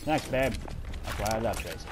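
A man giving excitable, swearing let's play commentary while gaming and talking to his teammates. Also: on the low side, a little fast, very noisy. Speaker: gamer. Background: game music and sound effects.

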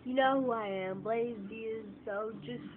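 A woman's voice: a little high, measured pace. A woman vlogging a casual, exasperated opinion rant to her phone camera, repeating herself for emphasis. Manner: animated, exasperated, emphatic repetition. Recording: tinny lo-fi phone audio with faint noise.

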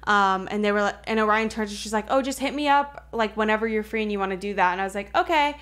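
A woman's voice: medium pitch, fast talker, a bit bright, smooth. Rambling young woman telling a story. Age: young adult. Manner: rambling storytelling, heavy "like" fillers, frequent swearing. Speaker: podcast co-host. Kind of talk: casual chat.

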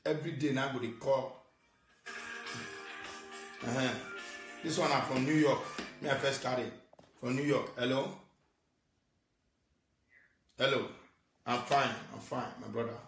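A man with a Nigerian accent giving a scolding, repetitive rant in Pidgin and English, swinging between shouting and muttering. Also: medium pitch, steady tone, a little slow, pauses often, distant mic, soft background music. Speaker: social media ranter. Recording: echoey room, voice off-mic.

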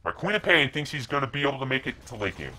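A young man streaming a game, cursing and yelling orders at his teammates, then muttering asides to his viewers. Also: mid-range voice, very animated, fast talker. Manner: profane, shouting orders at teammates. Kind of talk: live gameplay commentary.

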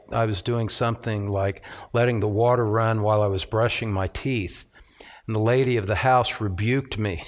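A middle-aged man preaching a sermon, reading scripture aloud and stressing key words with rising emphasis as a pastor. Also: medium pitch. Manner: reads scripture aloud, slowing on phrases.

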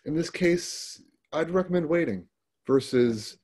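A middle-aged paramedic guest tells stories from his work in plain, conversational speech, often restarting his sentences. His voice sits on the low side and sounds mellow, and he keeps a moderate pace.

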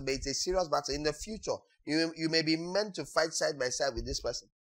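A man preaching a sermon as pastor, acting out quotes and breaking into sudden shouts. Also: a little high.

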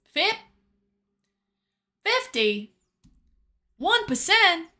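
A woman's voice: extremely high pitch, big pitch swings, very slow, bright, forceful tone. A woman streamer chatting casually to her viewers while gaming, swearing freely.

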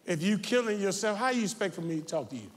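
A man preaching a sermon as pastor, talking straight to his congregation and building to shouted, confrontational calls. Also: high voice, big pitch swings, quick pace. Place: large church sanctuary. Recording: reverberant church sanctuary.

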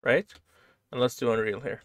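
Over a dry recording, a man teaches a screen-share coding lesson at a moderate pace, his medium pitch fairly even in intonation. He explains casually and step by step, regularly checking in with "right?".

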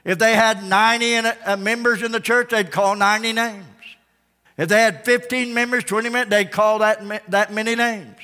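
A male pastor preaching an altar call, swinging between loud calls and soft pleading. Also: high-pitched, fairly even intonation, moderate pace. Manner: calls out names loudly, then drops to soft pleading. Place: large church sanctuary. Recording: church broadcast with long reverb.

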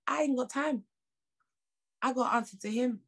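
A woman's voice: sits high, moderate pace, creaky, fairly bright tone, husky. Emphatic woman preaching with British accent. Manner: emphatic, repeats lines with rising intensity; conversational asides and laughs. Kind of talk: sermon.

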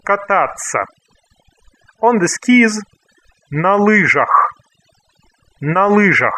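A man with a Russian accent giving a slow, scripted language lesson, repeating each word clearly for learners. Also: high-pitched, pushed and bright, low-quality recording. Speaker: language teacher.

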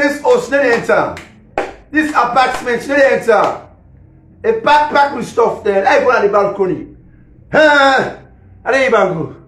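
High-voiced Sierra Leonean man ranting live. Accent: Sierra Leonean Krio English. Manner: rambling, repetitive, laughs between lines. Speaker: musician and social media personality. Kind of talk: casual live-stream rant. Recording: echoey room.

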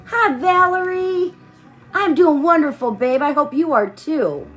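A woman's voice: high voice, lively intonation, a little slow, fairly bright tone, soft background music. A tired woman hosting a live stream, chatting casually while she crafts and greeting viewers by name with pet names.

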